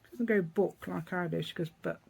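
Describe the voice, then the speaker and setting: A woman's voice: lowish voice, fast talker, vocal fry, slightly rough, poor audio. A middle-aged woman with an East Midlands English accent, chatting casually through a craft tutorial at her table, rambling and asking tag questions.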